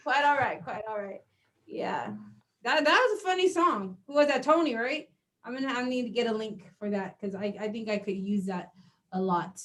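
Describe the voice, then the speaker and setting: A middle-aged woman doing a stand-up comedy set in a small venue. Her voice sits high, and she tells the story with lively energy, acting out each bit of dialogue. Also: moderate pace. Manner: animated storytelling, acts out dialogue.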